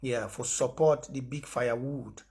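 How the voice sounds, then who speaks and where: A man's voice: mid-range voice, unhurried, darkish tone. A man from Cameroon with a Cameroonian Pidgin English accent, addressing followers on a livestream with impassioned, emphatic, repeated declarations. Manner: mixes pidgin and English with frequent fillers. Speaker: activist host of an online broadcast.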